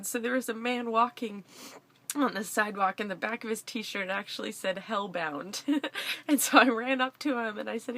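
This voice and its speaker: A young woman with a somewhat high voice shares a personal testimony in a vlog. She sounds breathless and excited and laughs often as she talks to the camera. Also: moderate pace. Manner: breathless and excited, laughing through her words. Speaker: vlogger sharing a testimony.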